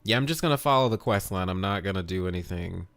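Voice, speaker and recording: A man's voice: sits low, animated, fast, fairly bright tone. A man streaming a video game live, chatting casually and upbeat, greeting viewers by name and swearing now and then.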